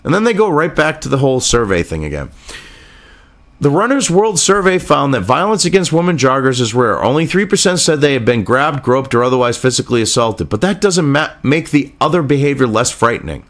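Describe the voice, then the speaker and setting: A man's voice: mid-range voice, very animated, brisk, a bit bright. A man ranting in political commentary, profane, sarcastic and indignant.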